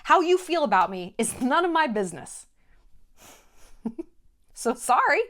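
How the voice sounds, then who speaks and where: In a direct-to-camera monologue, a woman hosting her vlog speaks in a fairly high, fairly bright voice with a sing-song lilt and big swoops in pitch, at a measured pace. She's blunt and emphatic, swears without a second thought, and drives each point home with short, punchy repeats.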